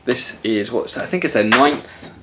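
A man's voice: mid-range voice, lively intonation, unhurried, heavy background noise. A man co-hosting a casual chat vlog, talking with frequent fillers and restarts. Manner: hesitant, many fillers and restarts. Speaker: vlog co-host.

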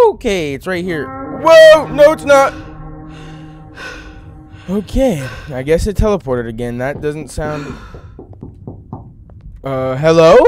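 A man's voice: mid-range voice, a little mellow, a little hiss or hum. A young man commenting on a horror game, talking to viewers and yelping when startled. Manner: jumpy, talks to viewers, yelps when startled. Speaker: gaming channel host.

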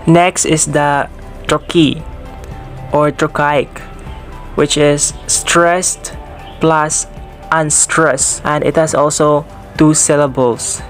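A young man speaks in a slightly high voice, slowly and evenly, barely moving in pitch. He sounds like a student reading a class presentation with care. Faint music plays behind him. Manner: slow, careful and read-out.

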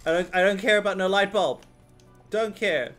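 A man giving rambling, swearing, excitable commentary while playing a video game. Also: sits high, moderate pace, faint music behind. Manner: rambling, excitable, swears often, laughs a lot. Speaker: gaming video host. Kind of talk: let's play commentary.

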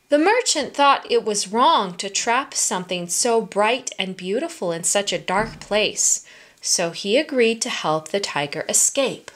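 A woman reading a children's storybook aloud at story time, in a slow, expressive manner for small children. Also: mid-range voice.

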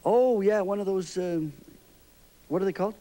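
An older man hosting a children's TV show, gently interviewing young kids in a chatty, rambling, fatherly way. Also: sits high, normal speed.

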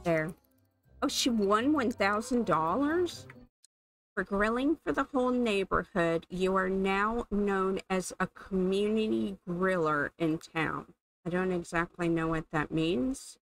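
A woman's voice: medium pitch, slow pace, faint music behind, poor audio. A woman giving casual, amused commentary as she plays a life-sim game, thinking aloud. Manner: chatty, amused, thinking aloud while playing. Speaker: gaming channel host.

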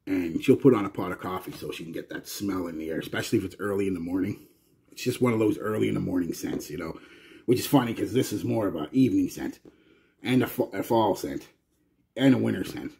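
A Canadian man talks casually to his viewers, wandering through his thoughts with plenty of restarts. His voice sits very low with a husky, breathy edge. The delivery is loose, chatty vlog talk. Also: quick pace, a little mellow. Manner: rambling and chatty, with frequent restarts. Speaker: fragrance reviewer.

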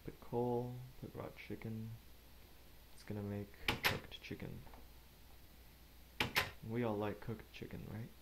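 A man giving casual let's play commentary, rambling and talking to himself with quick asides. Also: lowish voice, level tone, heavy background noise. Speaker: gamer narrating gameplay.

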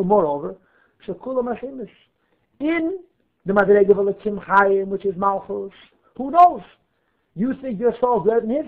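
A rabbi teaching a class, lively, weaving Hebrew terms into his English and asking himself questions to answer them. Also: sits high, gravelly. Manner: animated, asks and answers his own questions. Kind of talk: Torah class lecture. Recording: narrow phone-like audio.

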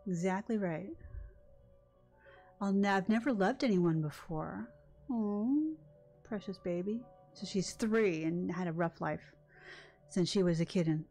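Brief: older woman, let's-play host, chatty and emotional, mid pitch, soft game music behind. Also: unhurried, long pauses. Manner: chatty, emotional, animated reactions. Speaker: gaming channel host. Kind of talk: casual let's-play commentary.

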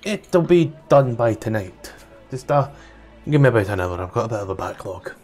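A haggling male gnome smith, put on by a man with a Scottish accent. He speaks slowly and deliberately, like a trader weighing each deal. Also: on the low side, sing-song, darkish tone, faint music behind. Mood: bargaining.

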